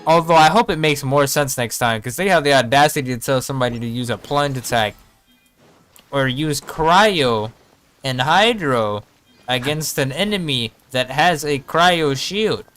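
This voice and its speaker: A man's voice: mid-range voice, lively intonation, a little slow, a bit bright, clean tone, faint music behind. A man giving casual, joking gameplay commentary, often talking to himself as he plays. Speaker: streamer.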